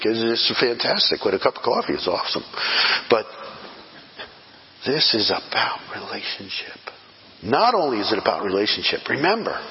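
Preaching man in a reverberant hall. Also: medium pitch. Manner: swings from loud emphatic peaks to hushed near-whispers. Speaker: pastor. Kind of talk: sermon. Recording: dull sound in a reverberant hall.

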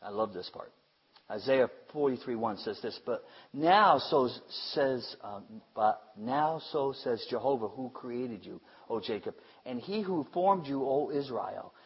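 A man preaching a sermon with emphasis, repeating phrases and swinging between loud declarations and hushed asides. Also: mid-range voice, expressive, a little slow, breathy edge, muffled recording.

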